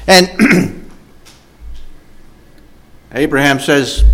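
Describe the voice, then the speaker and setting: A man's voice: a little high, very animated, a little slow, fairly bright tone. A man preaching a sermon in an emphatic cadence, with frequent filler sounds.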